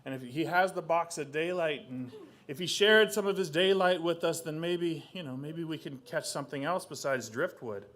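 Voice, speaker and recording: A man's voice: a little high, moderate pace, fairly bright tone, lightly acted. A man voicing a group of humble fishermen in a spoken folk tale, plain and resigned. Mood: explaining.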